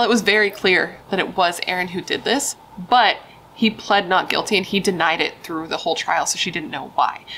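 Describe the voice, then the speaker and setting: A fairly low-pitched, sharp-toned young woman narrates a true crime story at a moderate pace. She's casual, chatty and emphatic, cursing and saying "dude" and "like" often. There's slight background noise, and the recording quality is low.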